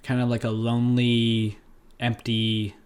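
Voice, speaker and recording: A man's voice: medium pitch, monotone, measured pace. A young man co-hosts a podcast in a loose, casual chat. He jokes and teases often and fills his talk with likes and ums. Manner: joking, playful, many fillers. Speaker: podcast co-host.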